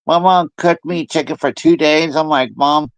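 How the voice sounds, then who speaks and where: A man chatting casually as host, telling stories in a lively way and mimicking other people's voices. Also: on the high side, moderate pace, dry recording. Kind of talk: casual chat.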